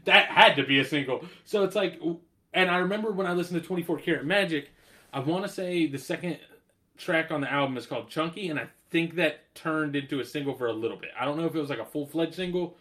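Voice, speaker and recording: A man's voice: a little high, fast, bright, forceful tone. A man co-hosting a casual music chat, rambling with many fillers and some swearing. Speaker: podcast co-host.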